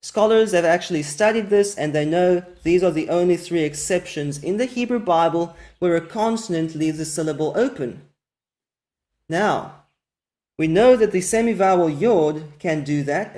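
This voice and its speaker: A teacher giving a methodical recorded lesson, slowing down to spell out each example word carefully. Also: mid-range voice, darkish tone.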